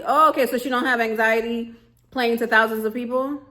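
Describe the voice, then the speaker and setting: Woman, casual vlog rant, sassy, emphatic, laughs a lot, higher-pitched voice. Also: moderate pace, a bit bright. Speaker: vlogger reviewing a reality show.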